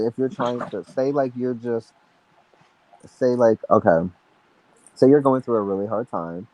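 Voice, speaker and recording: A man's voice: lowish voice, a little mellow, rough recording. A young man co-hosting a casual chat, rambling and chatty with many restarts. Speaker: podcast co-host.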